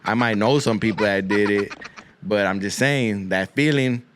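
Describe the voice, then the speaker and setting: A man's voice: lowish voice, normal speed, background noise. A man hosting a podcast, rambling through a crude comic monologue full of swearing and Spanish slang, often repeating himself. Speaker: podcast host.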